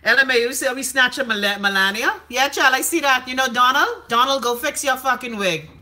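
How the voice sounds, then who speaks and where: Brash high-voiced woman live-stream host. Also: fairly quick, bright, forceful tone. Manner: brash, profane and gossipy, with dramatic pitch jumps. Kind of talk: casual live-stream chat reading viewer comments.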